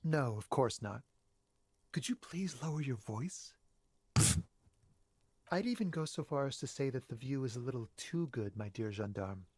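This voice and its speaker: An actor voicing a nervous young man in a video game who talks in a hushed, evasive, guarded way. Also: mid-range voice, animated, measured pace, long pauses, no room sound. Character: nervous young male balcony smoker. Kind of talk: game voice acting.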